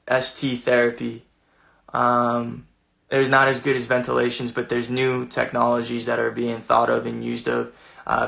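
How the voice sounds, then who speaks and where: Young guy on a phone livestream, super gravelly, bright edgy tone, rambly and earnest. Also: mid-range voice. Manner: rambling and earnest, many restarts and fillers. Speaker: livestream host. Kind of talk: casual livestream talk.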